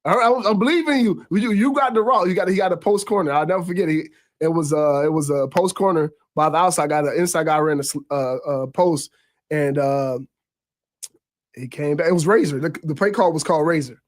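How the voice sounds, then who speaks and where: A man in his thirties with a somewhat high voice tells old game stories as a radio guest. He talks in an animated, loose way, stacking repeated words as he goes, and his pitch leaps up whenever he acts out what a teammate said. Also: brisk. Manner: animated, pitch jumps high when quoting others; repeats words while gathering thoughts. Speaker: former quarterback guest. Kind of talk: casual sports talk storytelling.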